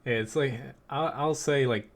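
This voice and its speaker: A man with a Philadelphia accent, chatting casually while streaming a tank game, rambling with lots of fillers and quick laughs. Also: mid-range voice. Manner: rambling, filler-heavy, laughs between thoughts. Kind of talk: casual live-stream commentary.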